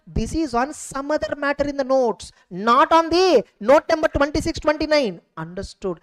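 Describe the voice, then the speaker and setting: A man's voice: extremely high pitch, lively intonation, fairly quick, few pauses, low-quality recording. A man with an Indian English accent giving a recorded exam revision lecture, repeating key points and asking rhetorical questions. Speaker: exam coaching tutor.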